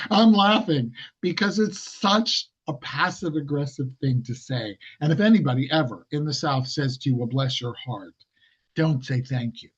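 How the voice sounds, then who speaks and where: A man's voice: on the high side, moderate pace, hardly any pauses, slightly rough, highs cut off. A man giving an informal, conversational sermon, often correcting himself mid-sentence and laughing at his own asides. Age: older. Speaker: preacher.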